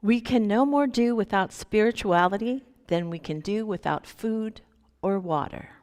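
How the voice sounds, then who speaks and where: Lady minister preaching, lively storyteller, acts out voices, mid pitch, big hall echo. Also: a little slow. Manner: animated, acts out quoted voices in her stories. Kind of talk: sermon with storytelling. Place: church sanctuary. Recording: long hall reverb.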